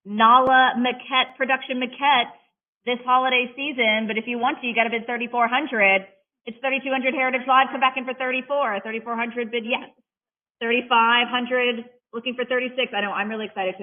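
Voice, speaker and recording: An auctioneer calling bids at a live auction in a rapid-fire chant, mixing in playful patter between the numbers. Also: mid-range voice. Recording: tinny phone-like audio.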